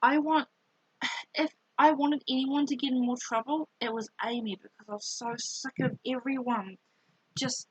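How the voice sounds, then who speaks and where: A young woman telling a rambling, animated story from her school days in a casual vlog, with many fillers. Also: high voice, moderate pace, slightly rough, dry recording, poor audio.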